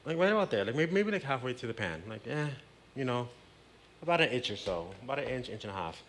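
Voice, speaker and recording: A man hosts a cooking show in a home kitchen, walking through a recipe step by step in a chatty, playful manner and sprinkling in Spanish words. His medium-pitched voice is fast and fairly bright with big pitch swings, and there's a little hiss or hum.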